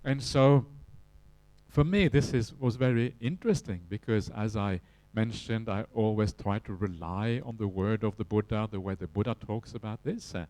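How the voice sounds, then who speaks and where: A man with a Norwegian accent giving an evening dharma talk as a Buddhist teacher, relaxed, with many "uh" fillers and tag questions. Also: fairly low pitch, moderate pace, no echo.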